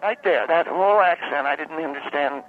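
A man voicing a confused older woman caller who is lost at a carnival, halting and hesitant as she stumbles over her own spelling. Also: a little high, voice pushed up, close to an everyday voice. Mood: puzzled. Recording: phone-like call line.

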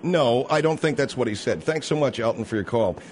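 Brisk, wry male radio host. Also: mid-range voice, expressive, a little mellow, a little hiss or hum. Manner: brisk, wry, takes charge. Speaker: radio talk show host. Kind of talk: radio call-in show.

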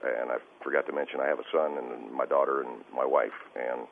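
A man calls into a radio show, his voice sitting remarkably low. He stammers and restarts, sounding distressed. The sound is thin and phone-like, with a light hiss underneath. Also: fairly even intonation, brisk, creaky. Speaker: caller. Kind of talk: call-in radio conversation. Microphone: telephone. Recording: tinny phone line with faint hiss.

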